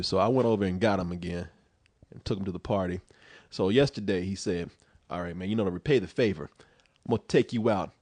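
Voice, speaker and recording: A man's voice: low-pitched, fast, slightly rough, no echo. A man telling a rowdy story in casual chat, swearing freely and laughing along with his own tale. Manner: profane, animated storytelling with laughs. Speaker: storyteller on a talk show.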